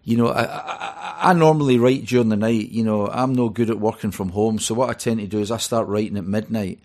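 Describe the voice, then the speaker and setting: A man's voice: fairly low pitch, a little fast, darkish tone. A middle-aged Scottish man, a guest in an interview, telling rambling stories full of fillers. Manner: chatty storyteller, rambling with many fillers. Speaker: author and DJ guest. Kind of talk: radio interview.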